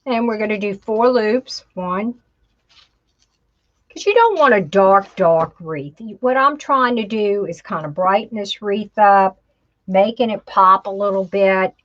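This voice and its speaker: An animated woman with a mid-range voice speaks a little slowly during her casual crafting demonstration. She's chatty, says "y'all," and talks to herself while working, recorded on dull, lo-fi home video audio.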